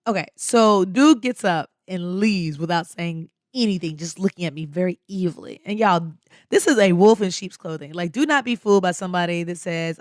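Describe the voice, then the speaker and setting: A woman hosting a podcast, telling a personal story in an animated, slangy way and laughing often. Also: fairly low pitch, a little fast, no room sound, studio quality. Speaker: podcast host. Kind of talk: casual storytelling.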